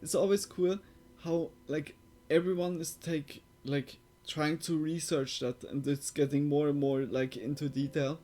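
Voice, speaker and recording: Man, casual stream reaction, rambling with filler words, fairly high voice, slow and drawn out. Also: fairly even intonation, dark tone, soft background music. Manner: rambling, heavy use of "like" fillers.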